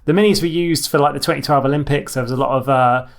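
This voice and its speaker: A man, co-hosting a movie podcast and sharing film trivia in a relaxed, chatty way. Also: medium pitch, fast talker, creaky. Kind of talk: casual chat.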